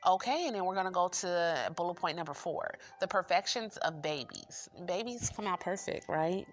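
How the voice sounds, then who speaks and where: A woman hosting a book review channel talks loosely and encouragingly, repeating affirmations as she reviews. Her lowish voice is animated and moderately paced, with music playing behind her.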